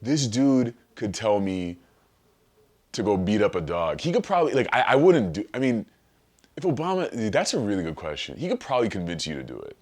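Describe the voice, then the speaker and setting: Low-voiced man telling a rambling story. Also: a little fast. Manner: rambling, profane, animated storytelling. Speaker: podcast guest. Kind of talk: casual chat.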